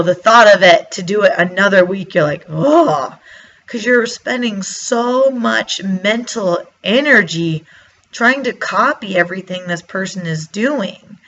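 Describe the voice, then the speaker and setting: A woman talking straight to her viewers in a relaxed, chatty way, her voice bright and forward. She slips into her own past thoughts as she goes. The recording sounds a little dull and lo-fi. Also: mid-range voice. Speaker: vlogger. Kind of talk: casual motivational talk to camera.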